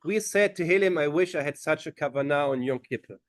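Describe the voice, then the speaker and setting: A man's voice: on the high side, a little fast, no room sound. A man, a rabbi telling a story at a community gathering and acting out the voices of the people in it. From Germany. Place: gathering hall.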